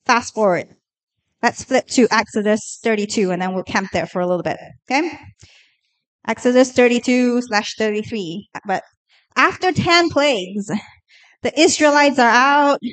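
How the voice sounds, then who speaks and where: A woman preaching a sermon in a lively, conversational way, asking the listeners questions. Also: on the high side, low-quality recording.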